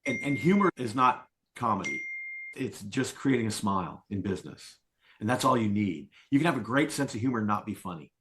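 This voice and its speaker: A middle-aged man speaking as a sales coach in a podcast interview, telling stories and acting out quoted lines with lively voices. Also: on the low side, fairly quick. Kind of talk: conversational interview.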